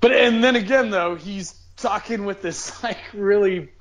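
A man co-hosting a casual podcast chat, joking and halting with fillers. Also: high-pitched, poor audio. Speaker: podcast co-host.

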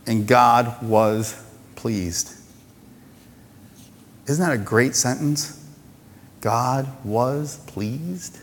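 A male pastor preaching a sermon in a lively, conversational way, poking fun at himself and acting out little voices. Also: medium pitch, in a large hall.

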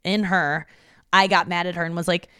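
A woman's voice: fairly low pitch, steady tone, normal speed, bright, forceful tone, clean tone, dry recording, studio quality. Rambling, swearing woman podcast host. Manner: rambling, profane storytelling with many fillers. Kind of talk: casual solo comedy podcast monologue.

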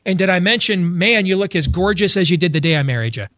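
A man's voice: high-pitched, expressive, fast talker, a bit bright, no echo, studio quality. A man putting on the voice of a sweet-talking, cheating young husband who fawns over his wife. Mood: gushing. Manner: overly sweet, fawning.

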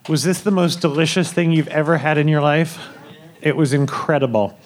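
A man's voice: a little high, moderate pace. A man hosting a live podcast in a theater on a cruise ship, chatting and laughing as he tells the audience a story. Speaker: podcast host.

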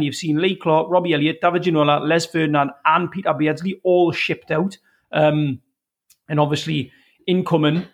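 Higher-voiced man hosting a fan chat. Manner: enthusiastic, reels off lists of names. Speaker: podcast host, fan. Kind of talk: casual podcast chat.

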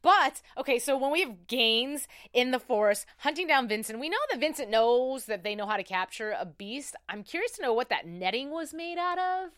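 A woman's voice: sits high, animated, moderate pace, hardly any pauses, a bit bright, no room sound, clean studio sound. Chatty, rambling woman podcast host. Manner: chatty, rambling, self-interrupting. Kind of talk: casual recap podcast.

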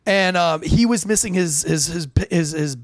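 A man's voice: a little high, moderate pace, no echo. A young man, a police officer, casually telling a story from a call and acting out the voices of the people in it. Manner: animated, acts out quoted voices.

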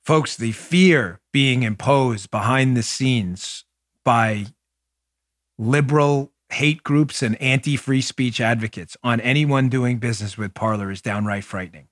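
A man's voice: medium pitch, unhurried, no echo, clean studio sound. A man hosting a political opinion podcast, talking earnestly and with emphasis, straight to his listeners and sometimes aside to a partner in the room. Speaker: podcast host.

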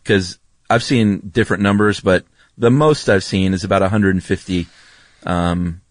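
Lowish-voiced guy rambling on a podcast, dry mic, lots of ums. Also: moderate pace, no echo. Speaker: podcast co-host. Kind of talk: casual chat.

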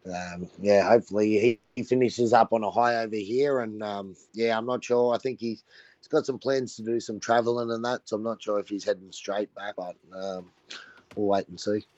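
A man with an Australian accent, chatting as a guest in a laid-back, halting way with many fillers. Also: fairly low pitch, fairly even intonation, darkish tone, no echo, dull audio. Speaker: guest, former rugby league player. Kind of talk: casual phone interview.

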